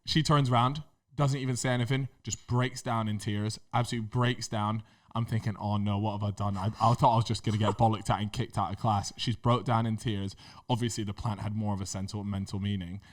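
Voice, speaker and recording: A Scottish man in his twenties telling school stories as a podcast co-host, lively and swearing freely. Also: fairly low pitch, fairly quick. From Scotland. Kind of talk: casual chat.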